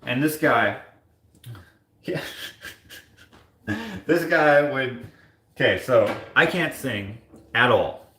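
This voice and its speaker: A man's voice: extremely slow, long pauses, sharp tone, reverberant, slight background noise. A man hosting a live stream, chatting casually and reading out viewer comments with jokey asides. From Canada. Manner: rambling, jokey, mock-sings in a high voice. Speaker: livestream host.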